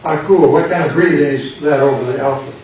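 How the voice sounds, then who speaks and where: A fairly high-pitched, slightly mellow male voice moves a little fast as an older American pastor teaches Greek. In a church classroom he quizzes students through drills, repeating words and joking with puns. Expect strong echo, a far-away mic and noise on the recording.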